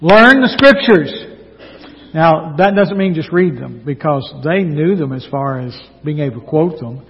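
A man preaching a sermon in an earnest, folksy, slow and emphatic way, sharing the pulpit with another pastor. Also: a little high, husky. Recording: dull lo-fi sound with long church reverb.

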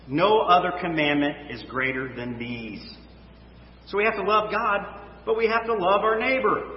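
A male pastor preaching a sermon, reading scripture and then talking loosely to his congregation. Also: sits high. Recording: echoey hall, dull sound, faint noise.

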